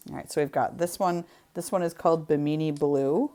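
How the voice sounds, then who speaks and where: Young woman, craft host, casual demo chat, giggly, low-ish voice. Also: fairly even intonation, brisk, warm tone. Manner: giggly, chatty, self-deprecating.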